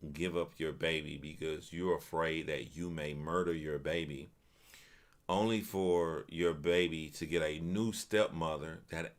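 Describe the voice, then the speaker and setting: A man streaming casual commentary, reading a news article aloud and stopping to react with stunned remarks and repeated phrases. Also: extremely low pitch. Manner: repeats himself and restarts phrases.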